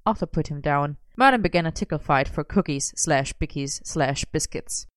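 A woman reading a story aloud in a lively storytelling manner. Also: low-pitched, normal speed, no echo. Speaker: reader.

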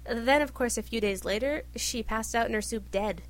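A woman's voice: on the high side, normal speed, natural voice. A woman voicing a chatty young male knight who spins a rambling tale. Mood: gossipy.

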